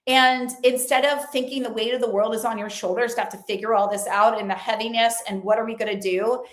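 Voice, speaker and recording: A woman's voice: a little high, fairly even intonation, fairly quick. Woman vlogger, earnest and chatty, talking to camera in an echoey room. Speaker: lifestyle and faith vlogger. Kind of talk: casual motivational talk to camera.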